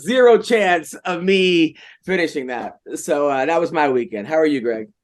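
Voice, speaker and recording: A man hosting a podcast, telling a story in a lively, animated way. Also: on the high side, moderate pace. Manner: animated storyteller, jumps into voices. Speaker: podcast host. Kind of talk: casual chat.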